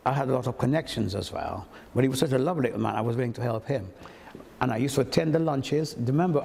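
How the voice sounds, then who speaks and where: A man's voice: medium pitch, creaky, long reverb tail, slight background noise. An older man from Montserrat, a toastmaster telling stories and acting out the voices of the people in them. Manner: animated storyteller who acts out quoted speech. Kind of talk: anecdotal storytelling.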